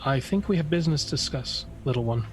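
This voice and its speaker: A man's voice: a little high, lively intonation, fast talker, slight background noise, lightly acted. A man voicing a pleading ghost. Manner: pleading, insistent questions. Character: ghostly man, anxious and demanding.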